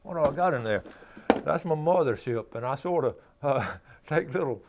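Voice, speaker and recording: A man's voice: fairly high pitch, expressive, moderate pace, background noise. Folksy man hosting a fishing show. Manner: folksy, tags sentences with "okay?". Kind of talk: casual how-to demonstration and chat.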